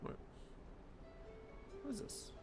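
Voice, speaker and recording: A man casually commenting as he plays an online game, chatty and making self-deprecating asides. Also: slow. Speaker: gamer playing an online game. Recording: game music playing underneath.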